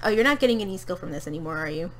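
A woman's voice: fairly low pitch, lively intonation, racing. A young woman streaming a life-simulation game from her home office, chatting to her character and the viewers, sometimes from across the room, away from her desk mic. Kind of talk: casual gameplay commentary. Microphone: desk mic, heard from across the room.

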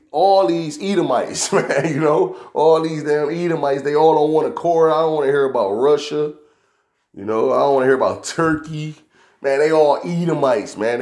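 A man preaching and reading scripture, tagging "man" onto nearly every phrase and slowing down to read the verses. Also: mid-range voice, darkish tone, echoey room. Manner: reads verses slowly and deliberately. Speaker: street preacher.

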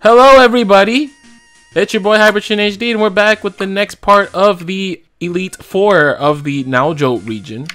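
A young man hosting a co-op game video, chatting and reacting in an excitable way. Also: normal speed, soft background music. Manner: excitable, jumps high in pitch. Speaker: let's play host. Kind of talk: casual gaming commentary.

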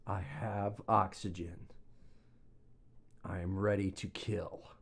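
A man's voice: sits low, level tone, slow pace, vocal fry, breathy edge. A man hosting a video game let's play, playful and swearing, muttering little chants at the game. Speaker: gaming channel host.

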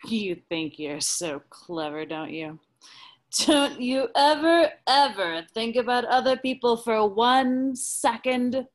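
Woman reading a sneering, resentful bloke, slow and sarcastic. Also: a little high, expressive. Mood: drunk sneering. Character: sarcastic, resentful man Roger. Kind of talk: live script reading over video call.

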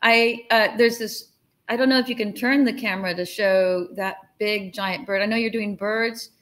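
A woman's voice: medium pitch, steady tone, normal speed, a bit bright. A woman from the United States hosting a live interview over a video call, chatty and enthusiastic. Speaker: host.

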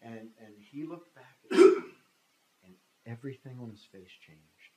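A man's voice: mid-range voice, big pitch swings, a little slow, dark tone, echoey room, rough recording. A man in his fifties telling a personal story in a talk, speaking conversationally and acting out the dialogue. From United States. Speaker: guest speaker.

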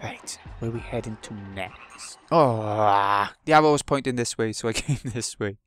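A man's voice: fairly low pitch, moderate pace, fairly bright tone, a little hiss or hum. Dry-talking British man playing a game. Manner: dry, wry asides with muttered remarks. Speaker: let's play host. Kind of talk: casual gameplay commentary.

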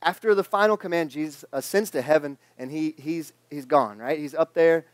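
A man's voice: on the high side, normal speed, no echo. A man in his twenties giving a casual, joking sermon to a church congregation, chatting along and acting out the voices in his stories. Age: 20s. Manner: joking, conversational, acts out quoted voices. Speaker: pastor. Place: church sanctuary.

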